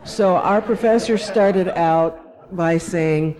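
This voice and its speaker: A woman from Alabama, a panelist, telling personal stories in a panel discussion in a wry, measured way. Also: low-pitched, crowd noise.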